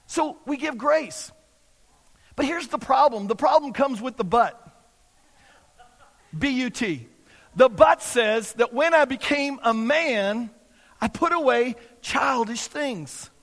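A man delivers an emphatic sermon in a very high voice, hammering points home through repetition. His words ring out with a long reverb from a large hall. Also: lively intonation, takes it slowly, long pauses, fairly bright tone. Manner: repetitive, emphatic preaching with acted-out quotes. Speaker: pastor.

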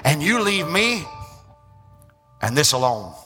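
A male pastor preaching a sermon, acting out church members and rising into shouts. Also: on the high side, very animated. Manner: acts out church members in quick asides. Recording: reverberant hall with music behind.

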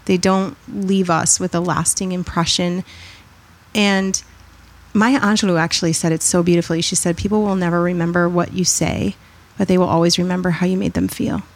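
A woman speaks as a guest on a podcast, in a relaxed, conversational and reflective way. Her voice sits a little low, and she brightens up when she tells a story. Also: moderate pace. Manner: reflective, animated when telling stories, acts out quoted voices.

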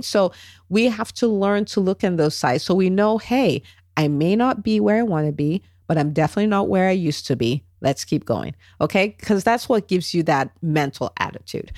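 A woman hosting a solo podcast, coaching in an animated, chatty way and checking in with "right?" and "okay?". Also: mid-range voice, creaky, dry recording, studio quality. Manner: animated, acts out quoted voices, tag questions. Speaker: podcast host, business coach.

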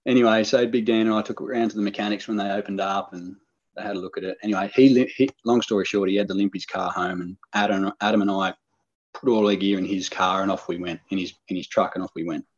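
A man's voice: lowish voice, steady tone, fast, husky, dull audio. A man with an Australian accent, a podcast guest telling a hunting trip story in a rambling, laid-back way. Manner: rambling, laid-back, many fillers and restarts. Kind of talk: casual storytelling.

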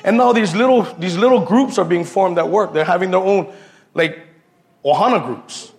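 Talking at normal speed in a high voice, this man preaches casually as a layman, weaving personal stories into his sermon with slang, repeated words and frequent calls of "bro" to his listeners.

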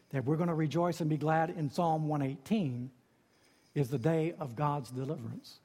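A man preaching a sermon as pastor, rising to high emphatic cries and dropping low again. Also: a little mellow, breathy edge, long reverb tail.

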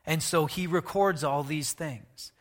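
High, bright-voiced preacher in a reverberant hall. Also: male voice, unhurried. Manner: animated, asks the congregation questions, swings between loud and hushed. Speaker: pastor. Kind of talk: sermon.

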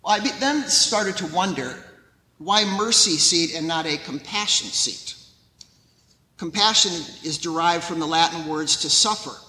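A man preaching a sermon as pastor, in a measured storytelling way. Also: on the high side, bright, forceful tone, roomy sound, in a large hall, poor audio.

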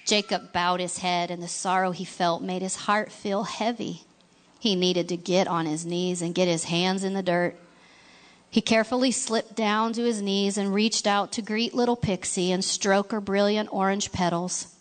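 A woman narrating a storybook in a gentle, expressive reading voice, now and then asking the listener questions. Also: medium pitch, moderate pace.

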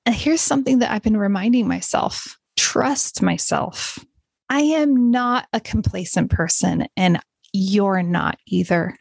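A woman's voice: mid-range voice, a little slow, creaky, darkish tone, breathy edge, no echo. Chatty encouraging woman podcast host. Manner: chatty, encouraging, laughs at herself. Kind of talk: casual solo podcast talk.

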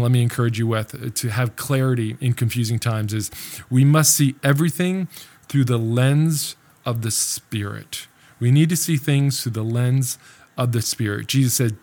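A male pastor preaching a sermon in a casual, conversational way. He keeps checking in with his listeners by asking "right?". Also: darkish tone. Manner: conversational, tags sentences with "right?"; acts out quoted voices in a higher pitch.

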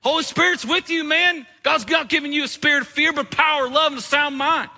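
A man's voice: extremely high pitch, a little fast, vocal fry, bright, forceful tone, voice pushed up, heavily acted. Man mocking a glib, preachy Christian guy. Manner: cheery platitudes, calls everyone brother.

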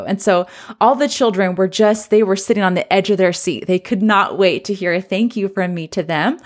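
A woman's voice: mid-range voice, normal speed. Earnest woman telling a classroom story. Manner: earnest, reflective, re-enacts children's voices. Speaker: former teacher turned coach and trainer. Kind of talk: personal storytelling podcast.

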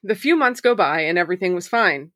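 A woman's voice: fairly low pitch, expressive, a little fast, a bit bright, dry recording, clean studio sound. A woman hosting a podcast, reading listener stories aloud in a casual way, swearing freely and laughing often. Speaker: podcast host.

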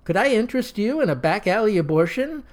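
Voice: medium pitch, sing-song, quick pace, pitched above the performer's own voice, close to an everyday voice. A storyteller voicing a bossy, bullying male slapstick leader who barks orders at his pals. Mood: scheming.

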